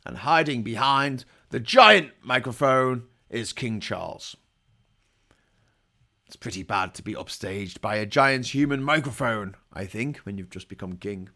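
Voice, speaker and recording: A man's voice: mid-range voice, expressive, a little slow, bright, forceful tone. A man hosting a live-stream commentary, hamming it up in a jokey pirate persona with growled "yars" and rambling, irreverent asides. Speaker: livestream host.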